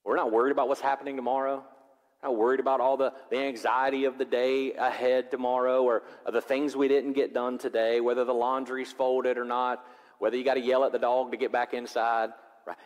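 A male pastor preaching a sermon. He moves from loud, rising preaching to quiet, reflective passages. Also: mid-range voice, fairly quick. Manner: animated, swings from loud preaching to soft reflection. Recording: long hall reverb.

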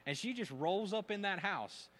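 Pastor guy preaching, bright voice, swings up and down a lot, jokes around. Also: sits high, moderate pace. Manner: animated, joking, acts out gossiping voices. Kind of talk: sermon.

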